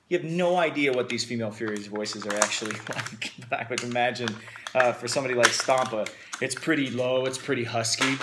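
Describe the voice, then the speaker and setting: Man, unboxing host, enthusiastic, casual chat, medium pitch. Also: very noisy. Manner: enthusiastic, upbeat.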